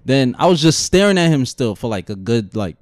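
Animated young man telling a story. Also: mid-range voice, fairly quick. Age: 20s. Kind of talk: casual group chat.

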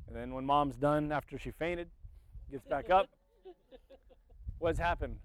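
A pastor delivers an impassioned sermon at a family camp, often repeating words as he builds momentum. His voice is a little high, and he takes it slowly with frequent pauses. The audio sounds tinny, like a phone, with loud noise.

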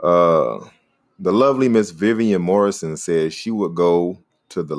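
A man hosting a casual podcast, rambling in a laid-back way and giving shout-outs to listeners. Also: deep voice, expressive, a little slow, dry recording, studio quality. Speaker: podcast host; comedian.

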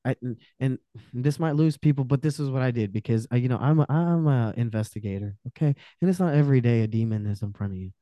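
Brief: male podcast guest, warm smooth voice, casual storytelling, animated and profane. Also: mid-range voice, fast talker, no echo, studio quality. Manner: animated, profane, acts out quotes.

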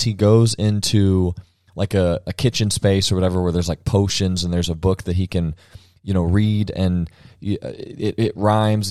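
A man with a lowish voice talks loosely in a casual podcast chat. He rambles, restarts his sentences and laughs often. The recording is close and dry, with no room sound. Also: darkish tone, dry recording. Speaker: podcast host.

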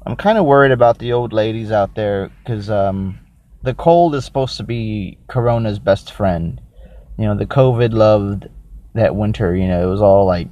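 A man hosting a casual solo podcast who rambles, thinks out loud and makes crude, self-mocking jokes while reviewing a drink. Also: medium pitch, animated, moderate pace. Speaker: podcast host.

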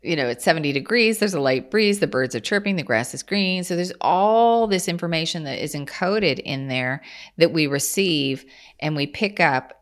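A woman from Kansas, USA, guests on an interview as a channeler, speaking casually in a low, expressive voice at a moderate pace. She earnestly explains her ideas, with small restarts along the way.

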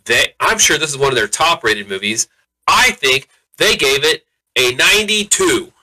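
A man co-hosting a casual podcast about a movie, excitable and quick to laugh, now and then slipping into mock voices. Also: mid-range voice, low-quality recording. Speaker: podcast co-host. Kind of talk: casual movie review chat.

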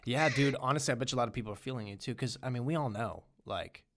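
A man hosts a casual podcast conversation in an ordinary mid-pitched voice. He talks loosely and swears often, building into animated rants. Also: fast. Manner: profane, animated ranting. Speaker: podcast host.

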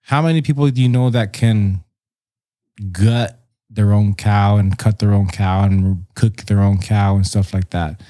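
Earnest Chicano guest, dry sound. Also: male voice, lowish voice, fairly even intonation, unhurried, warm tone, no room sound. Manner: earnest, mixes Spanish words into English. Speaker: podcast guest. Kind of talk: casual podcast chat.

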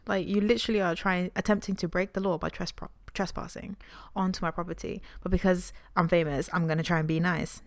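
A woman co-hosting a podcast in casual chat, animated and acting out quotes in silly voices. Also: lowish voice, brisk, no echo, studio quality. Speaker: podcast co-host.

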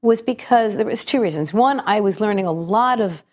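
A middle-aged woman, an actress and cabaret singer, talking as a guest in a radio interview, her voice slightly gravelly today, telling stories in a chatty, reflective way with many restarts. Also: mid-range voice, expressive, moderate pace.

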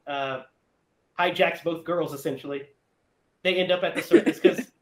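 A man chatting casually about an old movie, animated and quick to laugh as he recaps the plot. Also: fairly high pitch, roomy sound.

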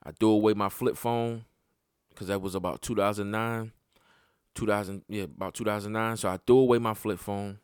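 A man hosting a podcast, telling a personal story in casual, profane talk that climbs sharply in pitch when he gets worked up. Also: moderate pace, smooth, no echo, clean studio sound. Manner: animated and profane, voice jumping up when heated. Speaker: podcast host.

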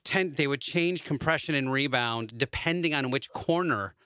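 Bright-voiced man hosting a podcast. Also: medium pitch, moderate pace. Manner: relaxed, anecdotal, hesitant fillers. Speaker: podcast host. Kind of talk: casual podcast chat.

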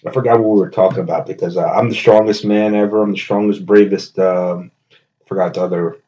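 A man's voice: sits low, fairly even intonation, fairly quick, mellow, dull audio. A man hosting a comedy podcast from his home kitchen, rambling with joking bravado and constant self-corrections. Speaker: podcast host.

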